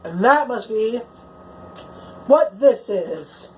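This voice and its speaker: A woman's voice: fairly high pitch, animated, extremely slow, slight background noise, rough recording. A woman casually recapping a TV episode as a reviewer, chatty and swearing freely, filling her talk with "like" and "you know".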